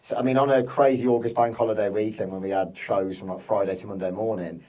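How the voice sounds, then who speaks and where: Casual male host, low register, easygoing and chatty, set back from the mic. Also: quick pace, far from the mic, low-quality recording. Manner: relaxed, rambling, self-deprecating. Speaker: podcast host. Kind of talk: casual podcast interview.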